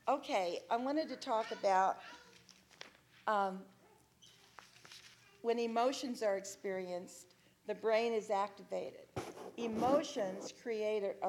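A middle-aged woman who writes children's songs chats with a live audience in a room, now and then breaking into song with sung demonstrations. Her voice is mid-range and a little mellow, with strummed guitar playing beneath it and slight background noise.

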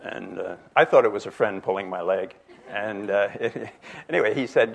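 A man's voice: fairly low pitch, normal speed, creaky, a little hiss or hum. A man in his sixties from New Jersey, giving a rambling, anecdote-filled slide lecture with many fillers and restarts. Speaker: jewelry expert giving a lecture.

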